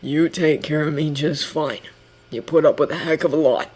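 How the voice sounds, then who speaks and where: A woman voicing a tired, tearful adult man who talks in a flat, subdued mumble and sounds stuffy from crying. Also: low-pitched, normal speed, slightly rough, pitched below the performer's own voice. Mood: weary. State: teary and stuffy.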